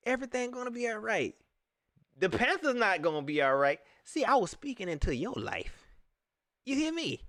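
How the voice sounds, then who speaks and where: A man hosting a casual live-stream sports talk show, animated and repeating phrases, often laughing. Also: on the high side, no room sound, clean studio sound. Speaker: sports fan show host.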